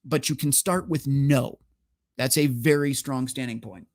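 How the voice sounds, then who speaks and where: A man's voice: medium pitch, a little slow, a little mellow, dry recording, studio quality. A man hosting a solo livestream, ranting in a heated, profane and emphatic way and reading viewer chats. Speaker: livestream host.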